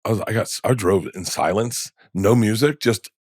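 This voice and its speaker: Low-voiced man telling rambling stories. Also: normal speed, a little mellow, slightly rough, no echo, studio quality. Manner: rambling, self-interrupting, emotional storytelling. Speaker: comedian guest. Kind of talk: candid storytelling in a podcast interview.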